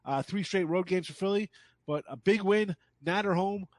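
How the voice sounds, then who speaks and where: A man's voice: sits high, normal speed, no room sound. A man giving sports betting picks as a guest handicapper, speaking bluntly and emphatically with scorn.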